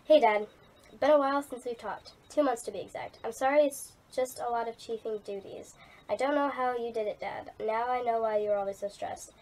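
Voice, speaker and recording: A grieving young male chief pours his heart out to his late father in soft, earnest words, as a woman reads her old fanfiction aloud. The voice sits a little high and stays gentle and close to her own. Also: a little fast, close to an everyday voice. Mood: sorrowful.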